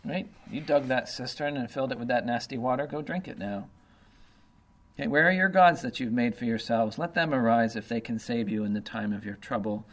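A man teaching through Bible verses, reading passages slowly and then explaining them in a casual way with many fillers like "uh" and "you know.". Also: medium pitch. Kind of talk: informal Bible study talk.

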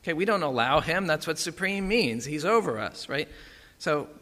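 A man's voice: on the high side, animated, moderate pace, bright, forceful tone. A man preaching a sermon in a conversational way, often checking in with "right?" and "okay". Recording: long hall reverb.

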